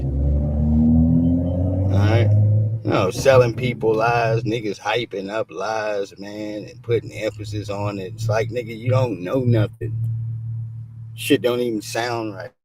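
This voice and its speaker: A man with a fairly low, darkish, husky voice hosts a livestream on a streaming mic. His commentary is blunt and casual, packed with street slang and swearing, and he keeps saying "all right".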